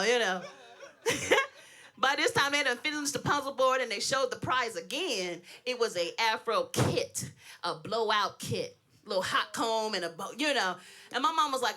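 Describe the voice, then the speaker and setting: Brash stand-up woman, out of breath, laughing through her lines, high and bright, AAVE. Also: animated, moderate pace. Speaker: stand-up comedian. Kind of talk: stand-up comedy set. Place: stage in front of an audience.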